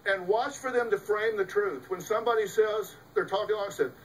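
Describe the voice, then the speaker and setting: A man's voice: high voice, a little fast, far from the mic, slight background noise, rough recording. A middle-aged man, a host and psychologist, giving an emphatic, folksy talk to an audience, full of rhetorical questions. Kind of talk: lecture to a live audience.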